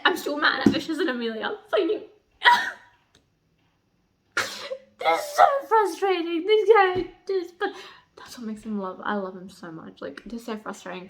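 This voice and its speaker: A woman's voice: on the high side, a bit bright. A young woman chatting in a casual reading vlog, gushing and exasperated, swearing and laughing as she goes. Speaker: book vlogger.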